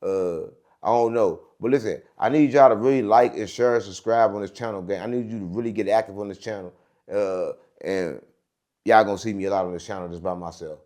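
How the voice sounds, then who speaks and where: This show host's voice runs on the low side, and he speaks fairly quickly. He tells a rambling story in an animated, casual monologue, checking in with the audience and repeating "right?" and "gang."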